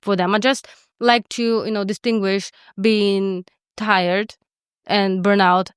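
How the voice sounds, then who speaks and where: A woman co-hosting a podcast, chatting casually and bluntly with plenty of "like" and "you know." She swears freely as she talks. Her voice is smooth and clear, recorded dry and close. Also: mid-range voice, flat delivery, takes it slowly, no echo. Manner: candid and profane, lots of filler words. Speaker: podcast co-host.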